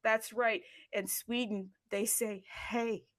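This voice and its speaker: Bubbly, excitable woman host. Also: mid-range voice, a little slow, no room sound, studio quality. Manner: bubbly, excitable and playful, jumping between loud bursts and asides; frequent laughs and self-talk. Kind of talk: casual live audio show hosting.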